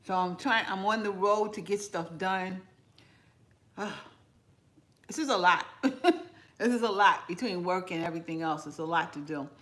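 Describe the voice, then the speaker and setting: A woman's voice: on the low side, normal speed, pauses often, fairly bright tone. A woman chatting with live viewers while eating in her home kitchen, rambling casually and talking with her mouth full. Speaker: cooking vlogger.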